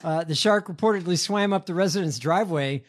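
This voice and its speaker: A man's voice: sits high, brisk. A man co-hosting a casual show, reading news stories aloud with many hesitations. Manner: hesitant, lots of ums. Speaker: podcast co-host reading news. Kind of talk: casual chat, reading headlines.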